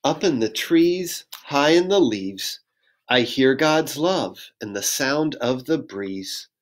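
Slowly and with lively intonation, a pastor reads a children's picture book in a gentle, sing-song mid-range voice, encouraging young listeners to take part.

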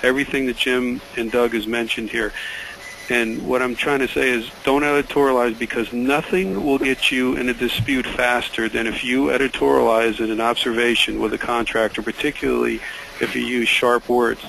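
A man's voice: mid-range voice, steady tone, moderate pace, creaky, fairly bright tone, a little hiss or hum, low-quality recording. A man speaking up as a panelist in a webinar, emphatic and restarting words often. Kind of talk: spoken comment in a webinar.

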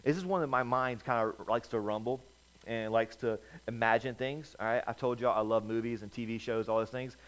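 A male pastor preaches a sermon as a story, speaking at a middle pitch. He moves between loud, emphatic bursts and soft, low asides. His delivery is loose and conversational. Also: brisk, rough recording.

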